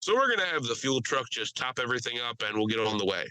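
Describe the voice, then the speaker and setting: A man's voice: medium pitch, sing-song, fast talker, sharp tone, clear, resonant tone, no echo, low-quality recording. A man voicing a formal, apologetic airline captain with a thick South African accent.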